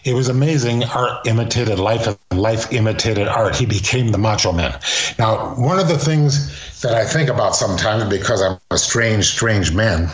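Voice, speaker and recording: An older man, a retired wrestler, telling animated stories as an interview guest and slipping into quick impressions. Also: on the low side. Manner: animated storyteller, slips into impressions. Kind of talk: casual storytelling interview. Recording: roomy echo.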